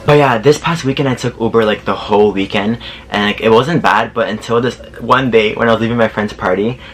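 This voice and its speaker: A man's voice: on the low side, brisk, faint music behind. Sassy young man spilling a story. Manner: sassy, animated, swears freely, laughs often. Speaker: vlogger telling a story. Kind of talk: casual storytime chat.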